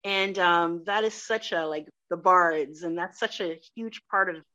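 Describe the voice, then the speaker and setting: A woman talking with enthusiasm in a conversational interview, animated and quick to laugh. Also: lowish voice. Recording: dull lo-fi sound.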